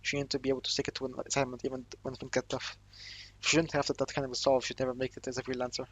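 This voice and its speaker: A man's voice: medium pitch, monotone, very fast, fairly bright tone, slight background noise. A man reading a visual novel aloud for a let's play, voicing every character himself in a casual way and often stumbling and correcting his words. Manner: reads all the characters himself with little voice change, stumbles and self-corrects. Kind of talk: casual read-aloud of game text with asides.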